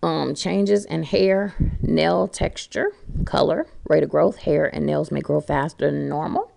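A middle-aged woman chatting casually to her viewers in a blunt, profane, animated way. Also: low-pitched, measured pace, vocal fry. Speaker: vlogger.

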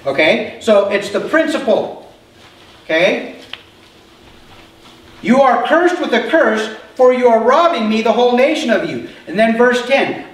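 A man with a high voice preaches a sermon in a relaxed, chatty way, often asking his listeners whether they follow. He is picked up from a distance in a very echoey church hall. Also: measured pace, long pauses. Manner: conversational preaching, asks the congregation questions. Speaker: pastor.

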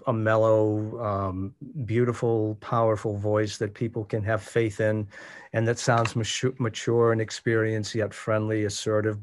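A man leading an online workshop as a voice coach, speaking in a measured, demonstrative way and varying his pitch for emphasis. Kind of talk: instructional presentation. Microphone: video call.

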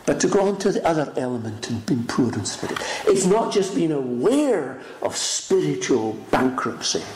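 A man preaching a sermon in an emphatic, dramatic style, swinging between loud rises and hushed lines. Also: on the high side, big pitch swings, moderate pace. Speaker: pastor. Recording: echoey room with faint noise.

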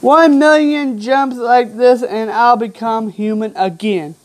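A woman's voice: fairly high pitch, slow pace. A woman giving casual gameplay commentary, reading game text aloud with chatty, offhand asides. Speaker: gamer.

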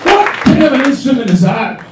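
A Scottish man doing a stand-up comedy set, animated and mock-indignant, with swearing. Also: very high voice, a little fast, over loud music, over a noisy crowd. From Scotland. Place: comedy club stage. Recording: echoey club, distant mic, audience laughter. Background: audience laughing.

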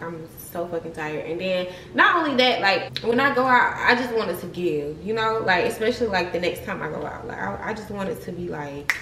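Talking loosely to her viewers, sometimes from a car, this young woman keeps her vlog slangy and full of laughter. Her medium-pitched voice has a fairly bright tone, and the low-quality recording carries a little hiss or hum.

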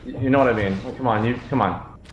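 A fast-talking man with a mid-range voice commands his team in a live online game, repeating urgent orders. Game gunfire sounds in the background of the echoey, noisy capture.

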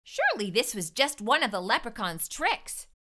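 Bright, lively woman reading to kids. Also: fairly high pitch, moderate pace. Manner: warm expressive read-aloud. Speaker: children's storytime host. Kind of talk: read-aloud storytelling for kids.

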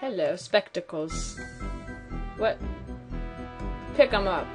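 A woman's voice: mid-range voice, expressive, slow pace, over music. A woman playing a video game and reacting bluntly, with exclamations and swearing. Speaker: gamer. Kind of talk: let's play commentary.

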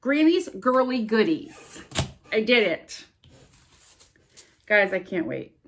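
A woman in her fifties chatting excitedly as a vlogger opening viewer mail, sounding stuffed up from sinus trouble. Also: medium pitch, slow, a little hiss or hum. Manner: bubbly, gushing, chatty. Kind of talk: casual chat.

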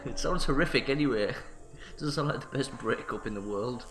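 A man's voice: mid-range voice, moderate pace. A man doing jokey, self-mocking let's play commentary on a story game. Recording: roomy sound with faint music.

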